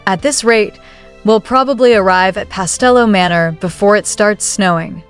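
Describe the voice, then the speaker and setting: A woman's voice: mid-range voice, normal speed, clean tone, faint music behind, lightly acted. Woman voices talkative wagon driver, own voice, storybook recap. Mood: chatty. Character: cart driver, chatty working man.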